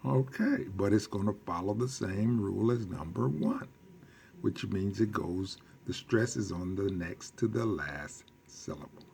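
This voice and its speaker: Slow, deliberate male language teacher. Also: fairly low pitch, gravelly, a little mellow, a little hiss or hum. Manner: slow and deliberate, quizzing the class; repeats key phrases for emphasis. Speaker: Spanish teacher. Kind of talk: recorded classroom lesson.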